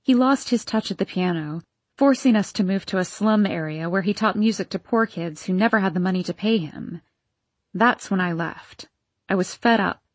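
A woman reading the lines of a bitter, scheming nurse in an audiobook, with a sharp, resentful manner. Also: mid-range voice, normal speed, no echo, lightly acted.

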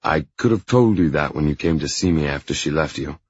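A man reading an audiobook, voicing a patient male therapist who speaks in a measured, reassuring way. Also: rumbling low, expressive, a little mellow, husky, dry recording, muffled recording, exaggerated voice. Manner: measured, reassuring, slightly exasperated.

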